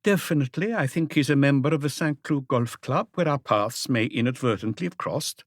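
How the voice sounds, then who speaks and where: A man's voice: mid-range voice, fairly quick, no echo, studio quality, voice pushed up, lightly acted. A man voicing a young male diplomat with a strong Dutch accent, formal, starchy and guarded.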